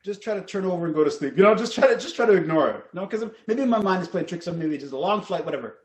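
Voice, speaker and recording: Male podcast co-host, lively storyteller, slightly higher pitch, does the voices in his quotes. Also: rapid-fire. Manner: animated, acts out quotes, laughs often. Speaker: podcast co-host telling ghost stories. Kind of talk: casual storytelling chat.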